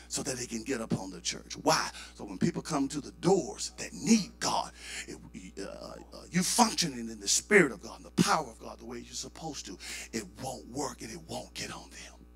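A male pastor with a Southern US accent, preaching a sermon and building to shouted fervor. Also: medium pitch, huge pitch swings, normal speed, gravelly.

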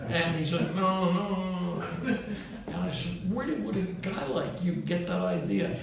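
A man's voice: high-pitched, animated, moderate pace, vocal fry, crowd noise. A man in his eighties, a comedian, telling a rambling string of anecdotes to a live audience and chuckling at his own punchlines. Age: 80s. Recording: roomy, distant mic, faint hiss.

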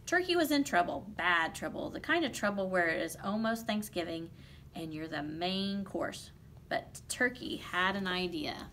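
A woman reading a picture book aloud to children, lively and playful. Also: on the low side, normal speed, a little hiss or hum. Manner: lively, playful voices for the animals. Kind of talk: children's storybook read-aloud.

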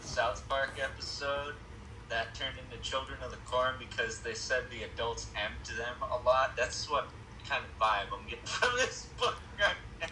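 A man's voice: medium pitch, animated, moderate pace, distant mic, a little hiss or hum, low-quality recording. A man making sarcastic asides as co-host during a casual book reading. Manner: dark sarcastic wisecracks. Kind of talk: casual chat with joking asides.

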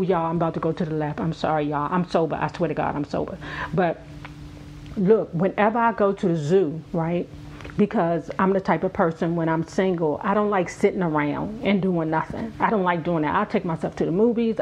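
A blunt, profane woman chats straight to her viewers as she reads aloud and riffs on the story. Her voice sits at an average pitch. The audio is dull and lo-fi, with a faint hum underneath. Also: darkish tone. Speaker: host reading and commenting. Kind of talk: casual commentary while reading a book aloud.

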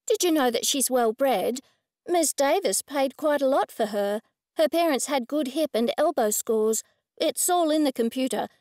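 A woman's voice: high voice, animated, normal speed, darkish tone, no room sound, studio quality, voice pushed up. A woman voicing a polite clinic receptionist. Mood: helpful. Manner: polite, helpful.

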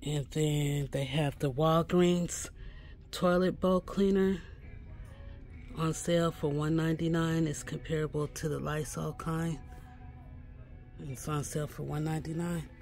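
A man's voice: fairly high pitch, steady tone, measured pace, gravelly, darkish tone, soft background music. A man giving a casual shopping walkthrough inside a pharmacy store, chatty and correcting himself as he repeats the prices. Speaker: shopping vlogger.

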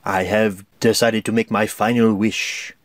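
A silky, slimy cartoon sorcerer voiced by a man, low and unhurried, dripping with mock courtesy. The sound comes from a film clip and is a little distant. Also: flat delivery, no echo, natural voice. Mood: sneering. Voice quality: slimy, smooth, oily voice. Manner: slow, silky, mocking. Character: slimy scheming male sorcerer villain.

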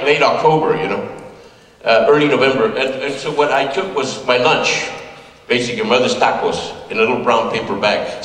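An older man from California recounts memories to a listening crowd in a relaxed, folksy storyteller's manner. His voice sits at an ordinary middle pitch. It sounds distant from the mic and echoes around a big, reverberant hall. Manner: conversational, folksy, laughs at his own jokes. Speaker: speaker giving a talk. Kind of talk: storytelling talk to an audience.

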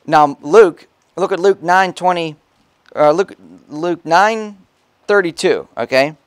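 A man's voice: a little high, slow, no room sound. A pastor preaching a sermon in a casual, conversational way, reading scripture aloud and checking in with his listeners. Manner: casual preaching, reads scripture aloud, frequent "okay?" asides. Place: church.

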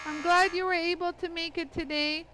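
A woman's voice: very high voice, flat delivery, moderate pace, sharp tone, slight background noise, poor audio. A woman hosting a live product demonstration, chatty and laughing often as she greets viewers by name. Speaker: livestream demo host.

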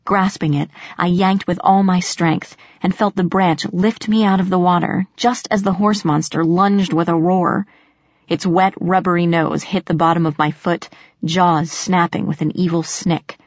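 A woman reading a first-person fantasy audiobook in steady, measured storytelling narration. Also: on the low side, dry recording, highs cut off.

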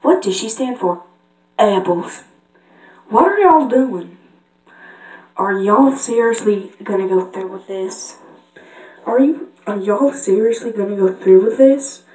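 A country farm pony girl from a cartoon, put on by a woman, with a drawling Southern US accent. She scolds in a lowered voice, and the room gives it a roomy echo. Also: expressive, slow, pauses often, warm tone, distant mic. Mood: scolding.

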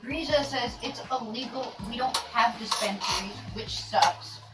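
A woman co-hosting a casual livestream, reading viewer comments aloud with soft laughs. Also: a little high, measured pace. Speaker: co-host reading viewer chat. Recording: echoey room, voice far from mic, music behind.

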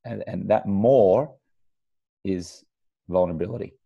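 A man's voice: low-pitched, measured pace, vocal fry, husky, dull audio. A man with an Australian accent hosting a podcast interview, thinking aloud with frequent restarts and fillers. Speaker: podcast host. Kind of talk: conversational interview.

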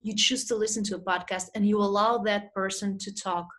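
A woman's voice: mid-range voice, steady tone, fairly quick, fairly bright tone. A woman presenting a webinar, reading out audience questions and answering them in a chatty way with many fillers. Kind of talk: live webinar Q&A. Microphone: small video mic or phone.

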